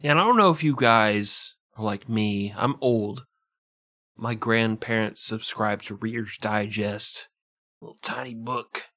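Podcast co-host guy, bright voice, dry close mic, crude jokes. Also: fairly low pitch, measured pace, no echo. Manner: vulgar, joking interjections. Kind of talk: casual comedic banter.

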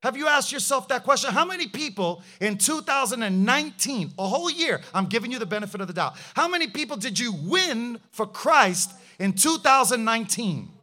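A man's voice: very high voice, lively intonation, fairly quick, few pauses, pushed and bright. A male pastor preaching a fervent sermon, firing rhetorical questions and hallelujahs.

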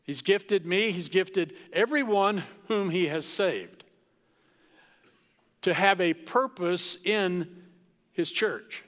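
A man preaching from the pulpit in slow, deliberate phrases with long dramatic pauses. His voice is bright and a little high for a man. Long reverb from the large hall trails each line. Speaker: pastor. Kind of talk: sermon.

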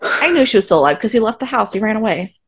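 A woman's voice: a little high, fast, slightly rough. A woman co-hosting a podcast, recapping a TV episode in casual chat with sarcastic asides. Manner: animated, sarcastic asides, acts out quotes. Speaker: podcast co-host.

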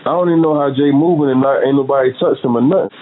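A man's voice: medium pitch, very fast. A man hosting a casual phone conversation in a laid-back, slangy way. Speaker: host calling a guest. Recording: tinny phone line with faint hiss.

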